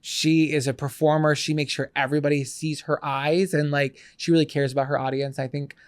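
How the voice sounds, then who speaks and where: A man co-hosting a podcast, talking in a breezy, animated way. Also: on the high side, a little fast, smooth, no room sound, studio quality. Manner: animated, breezy, lots of fillers. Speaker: podcast co-host. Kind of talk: casual podcast chat.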